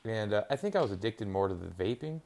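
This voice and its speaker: A man's voice: on the low side, animated, fast talker, creaky, a little mellow, a little hiss or hum. A young man chatting casually on his own, rambling and swearing while he reacts to a football game on TV. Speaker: podcast host. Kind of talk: casual solo chat.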